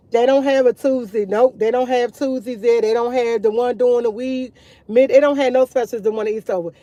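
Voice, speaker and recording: Woman with a warm, mellow voice chatting. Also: high voice, no echo, lo-fi sound. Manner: rambling, repeats herself, addresses viewers as y'all. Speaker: vlogger. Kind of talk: casual morning chat to viewers.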